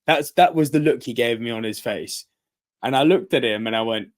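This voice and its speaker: Lively man telling a story. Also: medium pitch, moderate pace. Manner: animated, acts out quoted voices, laughs often. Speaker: podcast co-host. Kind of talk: casual storytelling chat.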